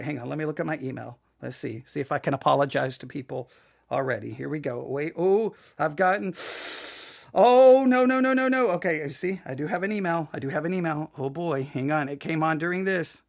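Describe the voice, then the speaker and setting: A man's voice: a little high, vocal fry, fairly bright tone, dry recording, clean studio sound. A Texan man hosting a theology show, rambling and self-deprecating with many restarts. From Texas. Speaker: host. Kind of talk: theology commentary.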